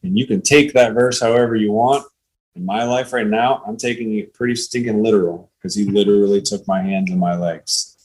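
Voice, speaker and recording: Husky-voiced man telling his faith story. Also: fairly low pitch, fairly even intonation, a little fast, darkish tone, rough recording. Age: 30s. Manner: earnest and plain-spoken. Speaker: podcast guest. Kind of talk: testimony in casual conversation.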